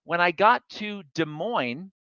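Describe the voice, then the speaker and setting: A man tells a chatty, self-deprecating story during a public talk. His voice is bright and smooth, and a little higher than most men's. The sound is dry and slightly dull. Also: animated, slow, no echo. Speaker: guest speaker.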